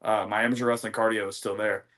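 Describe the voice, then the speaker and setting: Rambling, low-voiced American wrestler. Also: male voice, fast. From United States. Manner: rambling, animated, many fillers and restarts. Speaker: guest, professional wrestler. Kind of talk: casual interview storytelling.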